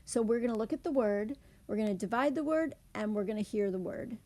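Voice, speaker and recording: A woman teacher explaining speech sounds in a phonics lesson, saying example words slowly and clearly. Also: on the high side, animated, dark tone. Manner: clear, deliberate demonstration of words.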